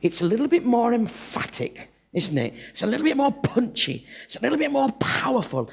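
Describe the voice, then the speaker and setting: A man's voice: extremely high pitch, sing-song, brisk, gravelly, slightly rough. A man from the north of England, preaching a humorous, self-deprecating sermon to a church congregation. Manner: humorous, self-deprecating, acts out Bible characters. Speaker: visiting preacher.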